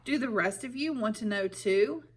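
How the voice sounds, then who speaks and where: A woman's voice: on the high side, animated, normal speed, slightly rough. A woman voicing a strict schoolteacher who talks too sweetly, with a hidden edge. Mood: falsely sweet.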